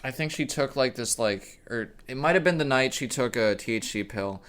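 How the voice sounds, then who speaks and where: A man's voice: mid-range voice, expressive, moderate pace, a bit bright, clear, resonant tone. A young man telling a rambling, profane story in a casual vlog, often correcting himself. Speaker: storyteller vlogger.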